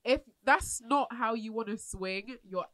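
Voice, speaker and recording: A woman's voice: fairly high pitch, unhurried, fairly bright tone, no echo. A woman co-hosting a podcast, speaking frankly and giving straight advice in casual chat. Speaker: podcast co-host.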